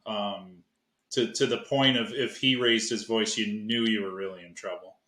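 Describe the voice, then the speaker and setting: A man's voice: on the low side, steady tone, normal speed, bright, forceful tone, roomy sound. A man from Buffalo, New York, a podcast guest speaking casually and hesitantly with many fillers. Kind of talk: casual chat.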